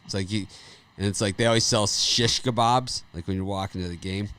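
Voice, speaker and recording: A man's voice: fairly low pitch, steady tone, fairly quick, fairly bright tone, smooth. A middle-aged man hosting a sports betting chat, telling rambling stories, laughing often and repeating phrases. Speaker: sports betting show host. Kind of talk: casual chat.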